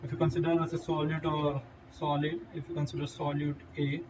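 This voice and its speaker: A man's voice: on the high side, level tone. Indian man lecturing from a distant mic. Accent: Indian English. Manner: halting, with fillers and restarts. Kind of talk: whiteboard lecture. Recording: distant, dull lo-fi mic with faint noise.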